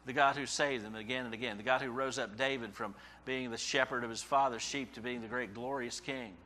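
A male pastor delivers his sermon with a bright, forceful tone at a middle pitch. He talks to the congregation in an easy, conversational way and asks "okay?" between points. When he voices the prophet's cries, his pitch and volume jump sharply. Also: a little fast, a little hiss or hum. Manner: animated preaching, voicing the prophet's cries with sudden rises; conversational asides ending in "okay?".

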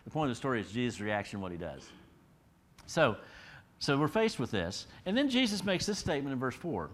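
Man, middle-aged, pastor, sermon, mid-range voice, conversational, rhetorical questions, emphatic rises and soft drops. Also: medium pitch, big pitch swings, a little fast. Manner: swings between emphatic rises and quiet drops. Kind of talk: expository sermon.

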